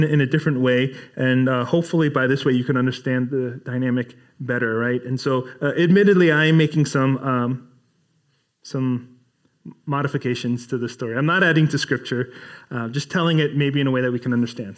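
A man's voice: medium pitch, brisk. A male pastor preaching a sermon in a casual, conversational way, acting out bits of dialogue as he retells a Bible story.

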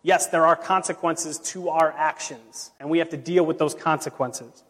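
A man, a pastor, preaching a sermon in a relaxed storytelling way with casual asides. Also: on the high side, normal speed. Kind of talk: conversational sermon. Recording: long reverb of a large hall.

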